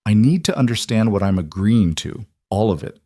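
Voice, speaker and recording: A man's voice: on the low side, expressive, normal speed, dark tone, dry recording, studio quality. A man voicing a guarded, worn-down young woman in a bar who halts and breaks off mid-sentence. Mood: resolute.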